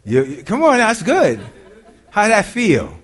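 An older man preaches in a church with a lively, swooping voice pitched a little high. He tells folksy stories, laughs easily, and drives his points home with animated energy. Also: takes it slowly, breathy edge. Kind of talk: sermon with storytelling.

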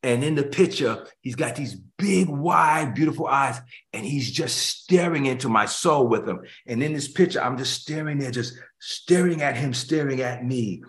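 An older man, a pastor, preaching an emotional sermon that swings between hushed tones and loud emphasis. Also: mid-range voice, moderate pace. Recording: echoey room.

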